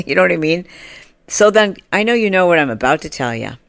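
A woman in her forties with a low voice chats through a funny story on her podcast. She laughs often and jumps up high to act out the people in it. The sound is dry and close to the mic. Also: expressive, brisk, a bit bright, no room sound. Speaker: podcast host. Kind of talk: casual storytelling monologue.

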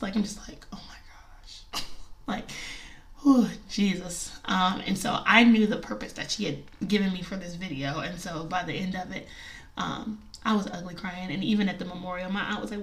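Woman, 30s, chatty and heartfelt storyteller, mid-pitched voice, recorded slightly off-mic. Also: moderate pace, a bit bright, recorded from a distance. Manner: chatty, emotional, many fillers, laughs often. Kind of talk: personal story, casual talk.

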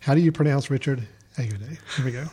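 A man's voice: medium pitch, brisk, dark tone, a little hiss or hum. A man hosting a casual film podcast, talking in an upbeat, loose, chatty way. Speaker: podcast host.

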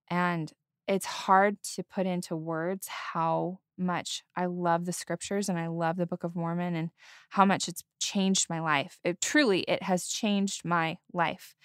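A woman's voice: fairly low pitch, clear, resonant tone, no room sound. A woman podcast co-host sharing a heartfelt testimony, earnest and close to tears. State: holding back tears. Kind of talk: casual testimony chat.

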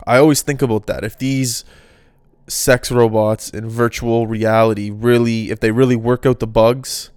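A man's voice: mid-range voice, fairly even intonation, moderate pace, a little mellow, clear, resonant tone, no echo. Male podcast host, casual solo monologue, loose and rambling, mid-range voice, clean. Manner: rambling, off-the-cuff musing.

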